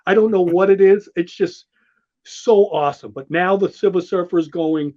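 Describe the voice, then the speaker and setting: A man hosting a show, gushing excitably in casual commentary that rambles with restarts. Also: sits high, moderate pace. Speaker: show host walking through a comic. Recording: dull lo-fi sound.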